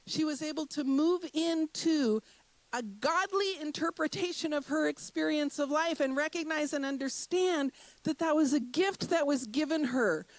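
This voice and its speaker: A woman minister giving a sermon, emphatic and repetitive, asking the congregation rhetorical questions and leading a slow breathing meditation. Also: high voice, no echo, poor audio. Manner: slows into a soft, guided breathing meditation.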